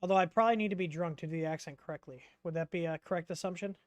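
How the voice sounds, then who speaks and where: A man's voice: on the high side, very fast, no room sound. A man hosting a casual livestream Q&A, rambling and chatty, reading out chat questions with lots of ums.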